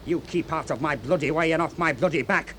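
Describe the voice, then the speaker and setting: A man's voice: a little high, fairly quick, a bit bright, a little hiss or hum, close to an everyday voice, rough recording. An actor playing a menacing able seaman in a radio drama, mocking and then threatening. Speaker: ship's crewman. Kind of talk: 1970s radio drama acting.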